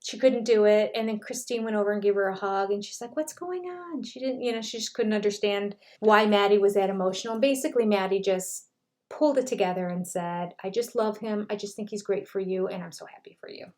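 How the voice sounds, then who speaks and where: An older woman talking through a reality show recap in a relaxed, chatty voice. She keeps slipping into quoted lines as she retells each scene. Her pitch sits in an ordinary middle range. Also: fast. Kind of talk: casual commentary.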